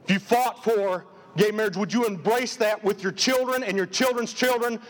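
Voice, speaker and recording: A man's voice: high-pitched, moderate pace. A man preaching a live sermon as pastor, emphatic and full of repeated rhetorical questions. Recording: long reverb of a large hall.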